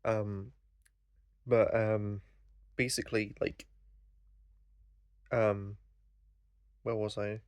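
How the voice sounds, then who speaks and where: A man's voice: fairly low pitch, little pitch movement, drawn-out words, pauses often, no echo, studio quality. A young man telling a story in a casual vlog, rambling and swearing, full of fillers. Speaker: vlogger.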